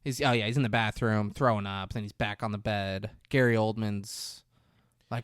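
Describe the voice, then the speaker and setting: A man on a podcast recapping a movie in casual chat, crude and animated, often mimicking the characters in quick bursts. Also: lowish voice, smooth, dry recording, studio quality. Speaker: podcast co-host.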